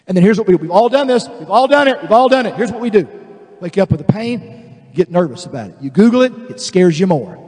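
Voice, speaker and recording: A male pastor preaching a sermon, animated and emphatic, acting out voices of the people he describes. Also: sits high, quick pace, breathy edge, big-room sound. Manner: animated, acts out quoted voices, builds to emphatic declarations.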